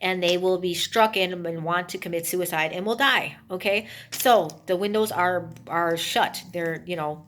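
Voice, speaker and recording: A woman's voice: fairly low pitch, a little hiss or hum. A woman casually retelling a movie's plot, rambling with emphatic asides to her listeners. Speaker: movie reviewer.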